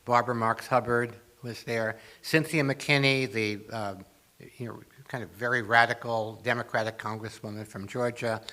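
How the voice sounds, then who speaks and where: Older man, bright voice, mid-pitched, guest speaker, funny storytelling, slips into acted lines. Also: fairly even intonation, normal speed. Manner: storytelling with jokes and acted asides. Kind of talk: humorous talk to a congregation.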